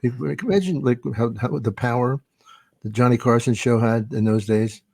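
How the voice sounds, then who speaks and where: A man's voice: medium pitch, normal speed, a little mellow, dry recording. An older man, a veteran comedian, telling rambling show-business stories in a casual podcast chat, swearing freely and acting out quotes. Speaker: veteran stand-up comedian, guest of honor.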